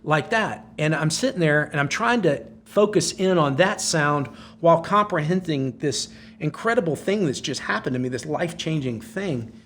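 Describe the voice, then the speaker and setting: A man's voice: fairly high pitch, lively intonation, moderate pace, few pauses, a bit bright, slight background noise. A man in his sixties, a podcast guest, telling a personal story intensely with repeated phrases. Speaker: podcast guest, former Navy SEAL.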